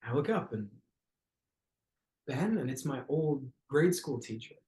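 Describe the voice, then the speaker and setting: A man's voice: medium pitch, expressive, a little slow, dark tone. A man, a podcast guest, telling a personal story in a reflective, conversational way, searching for words with frequent restarts. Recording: roomy podcast recording.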